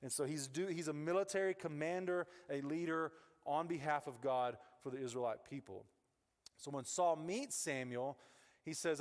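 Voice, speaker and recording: Male pastor, casual rambling sermon style, a little high in pitch, church hall reverb. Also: normal speed. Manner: conversational, rambling with restarts and asides. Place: church sanctuary. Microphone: wireless mic.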